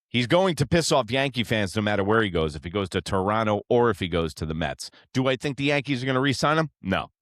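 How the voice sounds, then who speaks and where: Brash, fired-up New sports host. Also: male voice, on the low side, dry recording, clean studio sound. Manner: brash, profane, excitable. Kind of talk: fired-up sports reaction rant.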